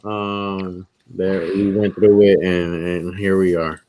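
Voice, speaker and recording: A man's voice: deep voice, level tone, slow, warm tone. A man co-hosting a casual podcast, talking loosely and repeating his words as he goes. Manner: rambling, repeats himself. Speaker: podcast co-host. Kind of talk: casual chat.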